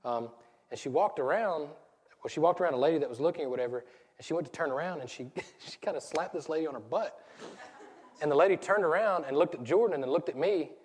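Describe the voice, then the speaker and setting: A man's voice: a little high, fast talker, a little mellow, slightly rough. A man in his thirties with a Southern US accent, preaching a casual, conversational sermon that rambles and turns self-deprecating. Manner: rambling, self-deprecating, laughs at own stories. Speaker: pastor. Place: church sanctuary. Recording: church hall with long reverb.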